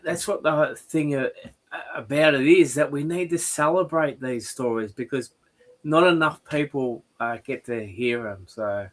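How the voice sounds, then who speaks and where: A man's voice: mid-range voice, unhurried. A man hosting a casual video call, encouraging and friendly toward his guest. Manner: warm, encouraging, calls guest brother. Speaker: host. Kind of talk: casual chat on an online call.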